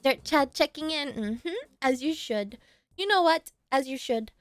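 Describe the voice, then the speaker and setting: A young woman streams live, teasing her viewers playfully and laughing often as she reacts to chat. Her high voice is expressive and unhurried, with soft music in the background and no room sound.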